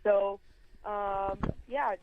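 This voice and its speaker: A woman sports journalist talks calmly on a radio show, walking through her choices with a few fillers. Her voice comes through a tinny phone line. Her pitch sits in the middle. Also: extremely slow, slight background noise. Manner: calm, explaining with fillers. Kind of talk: casual radio interview.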